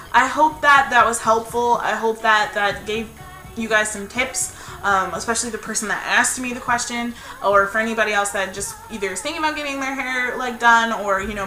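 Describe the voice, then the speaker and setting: A woman's voice: medium pitch, pushed and bright. A woman vlogger in a casual hair-care video, chatting and rambling as she recommends products. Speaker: beauty vlogger. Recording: roomy echo, faint background music.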